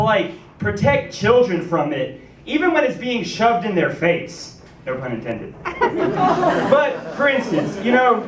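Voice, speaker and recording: A man performing a stand-up comedy set in a comedy club, telling stories and acting out characters. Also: high voice. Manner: animated storytelling, acts out characters. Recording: roomy club, distant mic, faint noise.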